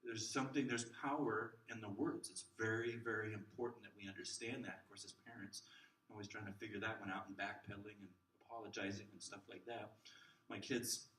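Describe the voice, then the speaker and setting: A middle-aged man teaching a workshop on talking with children, lively and joking, acting out examples in different voices. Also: fairly low pitch, a little fast, a little hiss or hum. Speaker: children's ministry trainer. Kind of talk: teaching a workshop to a live group. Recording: roomy hall sound from a distant mic.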